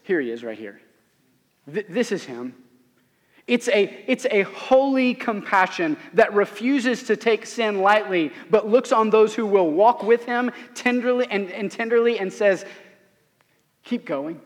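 High-voiced earnest preacher in a reverberant hall. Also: male voice, animated, measured pace. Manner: earnest, emphatic, asks rhetorical questions. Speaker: pastor. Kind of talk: sermon. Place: church sanctuary.

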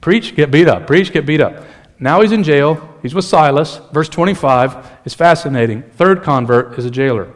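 Guy preaching, lively and jokey, talks right to the crowd, voice sits a bit high. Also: normal speed. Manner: animated, humorous, conversational preaching. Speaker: pastor. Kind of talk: sermon.

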